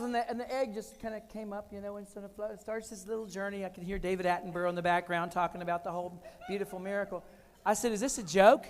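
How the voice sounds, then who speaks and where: A fairly high-pitched man in his forties delivers a keynote, spinning comic stories with animated swings and loud punchlines. His voice rings out with the long reverb of a large hall. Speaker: keynote speaker. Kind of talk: storytelling keynote speech.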